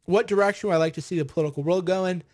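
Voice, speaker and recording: A man's voice: high voice, racing, darkish tone. A man in his forties chatting casually on a livestream, reading viewer comments and telling rambling, boastful stories with acted-out quotes. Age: 40s. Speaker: vlogger answering viewer comments.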